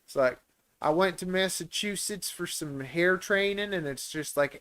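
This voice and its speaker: A man's voice: sits high, moderate pace, fairly bright tone, clean tone. A man, hosting a live Q&A stream in a rambling, easygoing way. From Canada. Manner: chatty, rambling, laughs easily. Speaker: reptile breeder and stream host.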